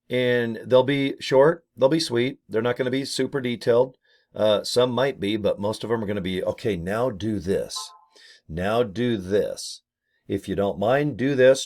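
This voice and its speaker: A man's voice: medium pitch, a little mellow. A middle-aged man casually vlogging to his webcam, rambling and cracking jokes. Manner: joking, rambling, slips into silly voices for bits. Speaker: network marketing vlogger. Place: home office with ring light.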